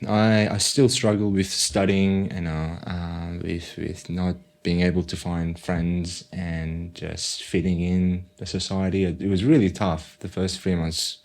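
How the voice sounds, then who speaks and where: Young man from Iran, lowish voice, halting testimony with restarts, podcast guest. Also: little pitch movement, darkish tone. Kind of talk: personal testimony storytelling.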